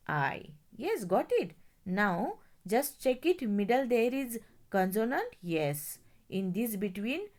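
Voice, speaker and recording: Woman teacher, unhurried and melodic; spells words letter by letter and keeps asking "got it?". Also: medium pitch, a little mellow. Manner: explains step by step, often checks "got it?". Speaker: English teacher. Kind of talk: classroom grammar lesson.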